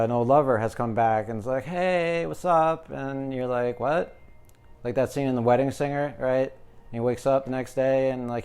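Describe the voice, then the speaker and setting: A man's voice: medium pitch, darkish tone, clear, resonant tone. A man giving a casual, jokey tarot reading, talking to his viewers as the collective. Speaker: tarot reader. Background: music.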